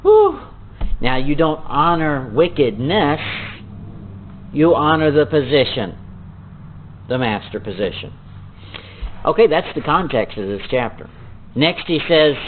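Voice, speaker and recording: A man preaching verse by verse, reading scripture in a slow, dramatic way and then explaining it in folksy, chuckling asides. His voice comes through thin and tinny, like a phone line. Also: on the high side. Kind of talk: Bible teaching sermon.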